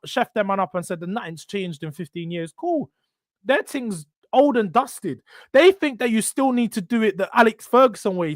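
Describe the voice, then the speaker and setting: A man's voice: sits high, no echo, clean studio sound. A young man hosting a live football stream, ranting animatedly with slang and swearing. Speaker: football channel host.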